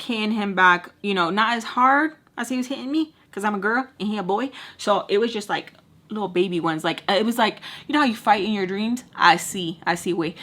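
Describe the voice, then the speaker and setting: A woman's voice: medium pitch, fairly bright tone. A young woman vlogger chatting to her viewers, casual and blunt, with free swearing. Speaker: storytime vlogger. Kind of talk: casual storytime while doing makeup.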